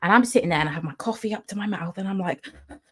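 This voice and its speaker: A young woman vlogger telling a personal story in a casual, animated way, acting out the people she quotes. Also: mid-range voice, rapid-fire, slightly rough.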